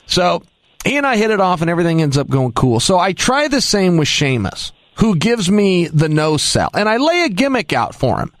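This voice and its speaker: Excitable high-pitched man telling stories. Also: moderate pace, dry recording. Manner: excitable, emphatic, self-mocking. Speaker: radio show guest. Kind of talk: animated storytelling.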